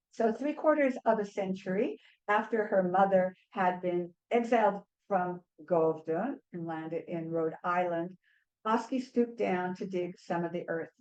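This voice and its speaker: A woman author giving an academic book talk in a measured, earnest way, with small restarts now and then. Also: lowish voice, darkish tone, rough recording. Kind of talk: academic lecture.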